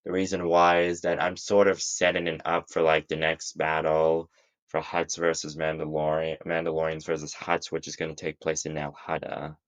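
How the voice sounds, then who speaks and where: A man tells his own fan-fiction story in a loose, casual way and often restarts his sentences. His voice sits extremely low. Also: completely flat delivery, moderate pace. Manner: rambling, frequent restarts.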